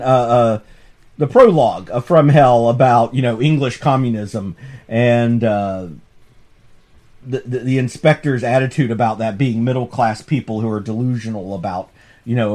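A man, a professor hosting a comics podcast, talking through a story in an amused, animated way with frequent restarts. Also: mid-range voice. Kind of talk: casual lecture chat.

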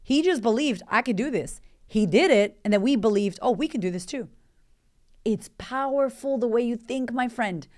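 A woman in her thirties, hosting a motivational podcast as a life coach, talking in an energetic, conversational way and firing off rhetorical questions. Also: on the high side, normal speed.

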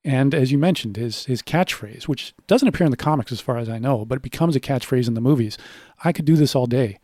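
A man's voice: mid-range voice, quick pace, darkish tone, dry recording. Methodical male podcast guest, dry sound. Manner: methodical, builds points from notes with examples. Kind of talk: conversational podcast discussion.

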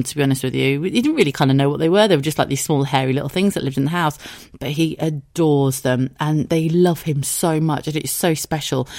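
Hoarse, chatty woman podcaster. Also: low voice, a little mellow, no echo, clean studio sound. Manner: rambling, chatty, swears freely, laughs often. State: hoarse from tonsillitis. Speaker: podcast host. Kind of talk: casual solo podcast chat.

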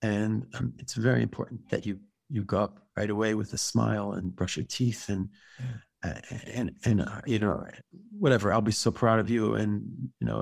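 A rabbi talking through parenting advice in a casual podcast chat, halting and restarting his words often. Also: lowish voice, vocal fry, darkish tone, no room sound.

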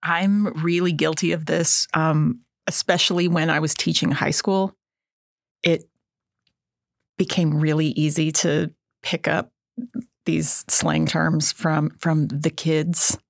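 A woman's voice: deep voice, flat delivery, slow pace, creaky, no echo, studio quality. A middle-aged woman co-hosting an educational podcast, chatty and self-deprecating, laughing at herself often. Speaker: podcast co-host. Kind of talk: casual educational podcast chat.

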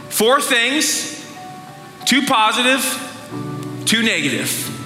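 A man delivering a sermon in a high, piercingly bright voice. He lays out his points slowly and with emphasis, like items on a list. The recording rings with a long hall echo, and faint music sits underneath. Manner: measured, emphatic listing. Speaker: preacher.

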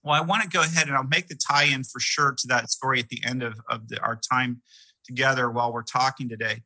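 A man's voice: mid-range voice, steady tone, a little fast, bright, forceful tone, no echo, low-quality recording. A middle-aged man, a pastor, preaching a sermon in an earnest, conversational way with many fillers and restarts. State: sick with a mild cough.

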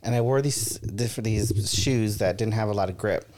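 A man's voice: lowish voice, moderate pace, background noise. A man co-hosting a podcast in casual chat, telling stories with laughter. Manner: animated, laughs while telling a story. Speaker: podcast co-host.

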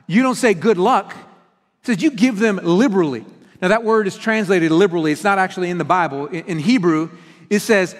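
High-voiced pastor preaching in a hall. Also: male voice. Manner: earnest, teaching, with emphatic stresses. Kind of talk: sermon. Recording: reverberant hall.

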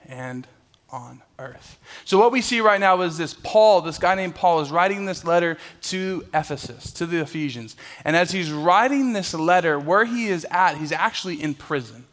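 A young adult man preaching a sermon in a church, telling a personal story with lively, acted-out voices before leading a prayer and a Bible reading. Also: a little high, moderate pace. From Southern California. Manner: animated storyteller, acts out voices. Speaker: pastor.

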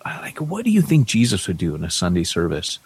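A man's voice: a little fast, breathy edge, no room sound. A man co-hosting a podcast in casual chat, telling stories animatedly and acting out other people in a raised voice. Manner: animated storyteller, acts out quoted people in a high voice. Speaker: podcast co-host, church planter.

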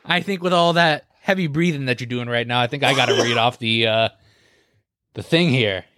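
A man's voice: mid-range voice, normal speed, a bit bright, no echo, studio quality. A man co-hosting a podcast, joking, swearing and laughing often in casual banter. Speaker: podcast co-host.

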